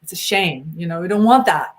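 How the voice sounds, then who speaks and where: In an informal Q&A, a middle-aged BDSM educator tells stories animatedly, acting out quotes and laughing along the way. Her voice is lowish, briskly paced, and lively in intonation.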